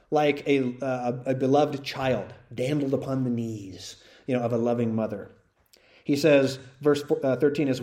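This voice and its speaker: A man with a warm, mid-range voice teaches through a Bible passage to a live audience. He talks conversationally and often checks in with "right?" and "all right?"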